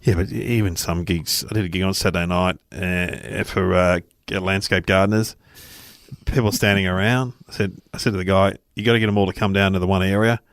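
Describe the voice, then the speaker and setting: Middle-aged male podcast co-host, low-pitched, relaxed storyteller, dry studio sound. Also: brisk, no room sound. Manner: laid-back, storytelling, chuckles often. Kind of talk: casual chat.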